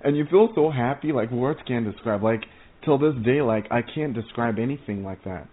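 A man giving an informal testimony sermon, earnest and excitable, rambling with many stammered restarts. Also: mid-range voice, normal speed. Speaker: preacher sharing visions. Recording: tinny phone-like audio.

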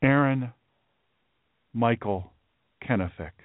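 Solemn talk radio host, phone-like sound. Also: male voice, mid-range voice, slow pace, dry recording. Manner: solemn, emphatic, repeats phrases for weight. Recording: dry, narrow phone-like sound.

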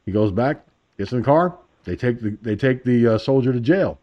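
A man's voice: medium pitch, animated, normal speed, dull audio. An American man hosting an internet radio show, telling a story casually, swearing and rambling with many restarts. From United States.

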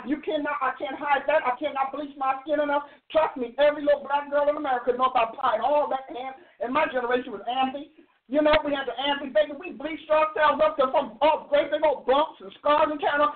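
High-pitched older woman on a tinny line. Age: 60s. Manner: emphatic, preachy, storytelling. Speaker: host. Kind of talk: animated opinion talk. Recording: tinny phone-like sound.

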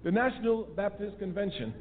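A man with a fairly high voice delivers an emphatic political lecture, hammering home points by repeating them. His voice comes through a thin, tinny phone line with a faint hiss of noise behind it. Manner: emphatic, repeats key phrases for stress.

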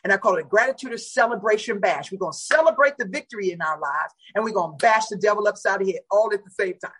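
A woman pastor shares her testimony as a guest, her voice husky and a little breathy. She tells it dramatically, acting out the people in her story and leaping up in pitch to make a point. Her voice sits in a middle register for a woman. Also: quick pace, fairly bright tone, rough recording. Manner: dramatic, acts out the voices in her stories with big pitch leaps.

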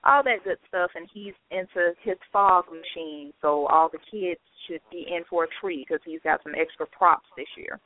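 A woman's voice: fairly low pitch, normal speed, few pauses. A woman hosting an internet radio show in a friendly, chatty way, laughing easily as she talks with her co-host. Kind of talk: casual internet radio chat. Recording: tinny phone line.

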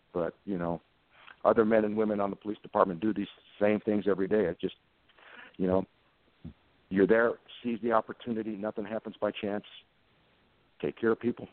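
A man in his fifties with a lowish voice tells stories in a plain, earnest way. He sounds tinny and phone-like. The sound is dry, with no room echo. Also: steady tone, brisk. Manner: earnest, plain-spoken, emotional when recalling events. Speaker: police officer guest. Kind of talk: anecdotal storytelling in conversation.

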